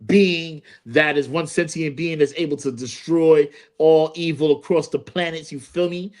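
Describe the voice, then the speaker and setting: A man co-hosting a podcast in easygoing, joking chat. His voice sits a little high for a man. He keeps checking in with his listeners as he rambles. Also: steady tone, normal speed. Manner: loose and joking, keeps saying "you feel me". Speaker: podcast co-host. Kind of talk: casual chat.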